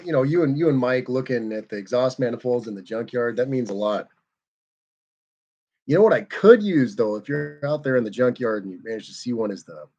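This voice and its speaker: A man's voice: medium pitch, a little mellow, muffled recording. A man hosting a car livestream in casual, rambling, self-deprecating chat.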